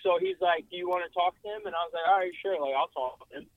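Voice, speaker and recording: A young man telling a story in a casual interview, animated and full of fillers, calling in over a breaking-up phone line. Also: high voice, quick pace, no echo. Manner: animated, filler-heavy, swearing. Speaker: car photographer guest. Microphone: phone call, breaking up. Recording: dry thin phone line.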